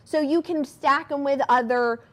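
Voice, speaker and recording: A woman's voice: sits high, normal speed. A woman with a Southern US accent hosting a TV shopping show, gushing and chatty about jewelry. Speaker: shopping channel host. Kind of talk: live TV shopping banter.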